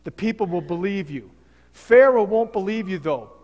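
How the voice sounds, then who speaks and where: A firm, no-nonsense God spoken by a man hands out quick orders with raised force. The voice carries with a long church reverb. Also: high voice, animated, a little mellow, highs cut off. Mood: commanding. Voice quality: firm, brisk commands.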